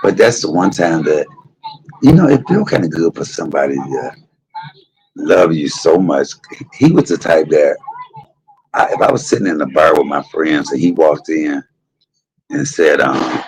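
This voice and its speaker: A man's voice: rumbling low, moderate pace, vocal fry, pauses often, poor audio. A middle-aged man, telling candid, salty stories to a live stream audience. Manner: candid, salty, gossipy with animated quoted voices. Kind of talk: casual storytelling to a live audience.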